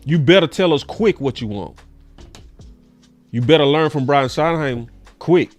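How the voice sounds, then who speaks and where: Male sports-talk host, somewhat high voice, swings between low and loud. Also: moderate pace, soft background music. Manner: emphatic, repeats his points, swears. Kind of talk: casual commentary.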